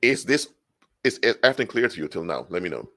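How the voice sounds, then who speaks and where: A man giving an animated solo monologue, explaining through hypothetical examples, often restarting and correcting himself mid-sentence. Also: low voice, quick pace. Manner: frequent restarts and self-corrections. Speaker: spiritual commentator.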